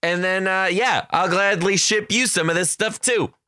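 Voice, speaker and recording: Upbeat man, kindergarten teacher hosting his podcast, forceful and bright, dry close sound. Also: sits high, moderate pace, dry recording. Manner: upbeat, chatty, playful. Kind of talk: casual solo podcast chat.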